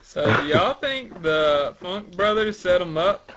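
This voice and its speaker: A man co-hosting a podcast in casual chat, playful and quick to laugh. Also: sits high, expressive, lo-fi sound, a crowd in the background. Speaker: podcast co-host.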